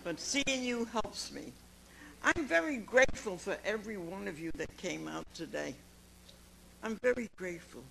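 A woman's voice: medium pitch, expressive, normal speed, creaky, sharp tone, slight background noise, rough recording. A woman in her nineties giving a folksy personal testimony to a meeting audience, calling listeners honey and laughing often. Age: 90s. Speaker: recovery meeting speaker. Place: meeting room before an audience.

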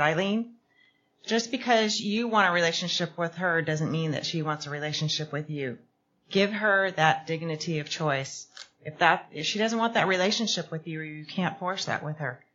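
Low-voiced woman sharing a story. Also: a bit bright. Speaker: meeting participant. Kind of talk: personal share. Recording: dull lo-fi recording.

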